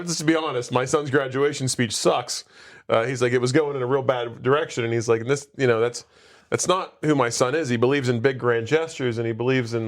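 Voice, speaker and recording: A man casually retelling a movie plot on a podcast, rambling with many asides and quoted lines. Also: mid-range voice. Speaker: podcast co-host. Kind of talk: casual movie recap chat.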